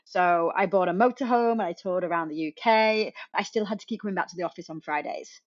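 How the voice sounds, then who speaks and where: A woman's voice: lowish voice, fairly quick. A woman in her thirties, a remote work coach and guest on a podcast, telling her story casually and laughing often. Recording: slightly muffled lo-fi call audio.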